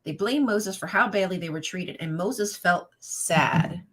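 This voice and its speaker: In a lowish, fairly bright voice and an unhurried pace, a live stream host reads from a children's Bible storybook. She keeps stopping to fire off sassy, profane commentary at her chat.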